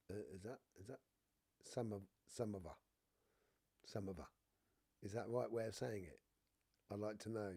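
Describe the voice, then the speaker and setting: This middle-aged spiritual reader has a medium-pitched, husky, darkish voice with vocal fry, and the audio has no room sound. Suffering a cough and blocked nose, he casually rambles through his live stream's viewer comments, full of "you know" asides.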